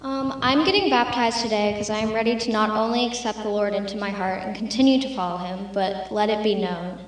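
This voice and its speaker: A woman's voice: medium pitch, fairly even intonation, fairly quick. A young woman giving a sincere, slightly hesitant testimony before her baptism. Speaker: person being baptized. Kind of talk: personal testimony. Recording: echoey hall from a distance.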